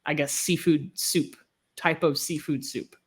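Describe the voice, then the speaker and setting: A woman's voice: low voice, fairly even intonation, unhurried, breathy edge. A woman from Texas co-hosting a podcast, chatting casually with plenty of ums and easy laughter. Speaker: podcast co-host. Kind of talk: casual chat.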